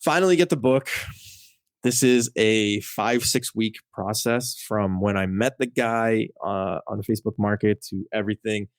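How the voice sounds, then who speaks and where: A man's voice: fairly low pitch, normal speed, few pauses, clean tone, no echo. A man, a guest on a studio podcast, telling a long personal story in casual chat, full of "like" and acted-out quotes. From Canada. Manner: animated storyteller, fills speech with "like", acts out quoted lines. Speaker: podcast guest, comic collector.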